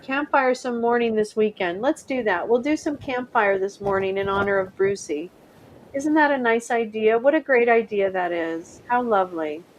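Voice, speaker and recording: A middle-aged woman with a fairly high voice hosts a casual livestream, chatting and rambling, laughing often and trying out French words. The audio sounds dull.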